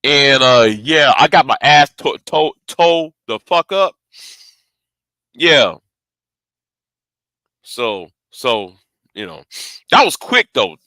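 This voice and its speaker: Bright-voiced man, stammering and profane. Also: mid-range voice, animated, takes it slowly, pauses often, no room sound. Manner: rambling, profane, stammering repeats. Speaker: vlogger. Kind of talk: casual storytelling to camera.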